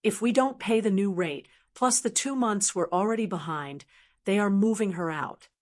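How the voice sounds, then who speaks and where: A woman's voice: mid-range voice, moderate pace, darkish tone, lightly acted. A woman voicing a frantic, desperate middle-aged daughter-in-law who shrieks, stammers and pleads. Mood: panicked.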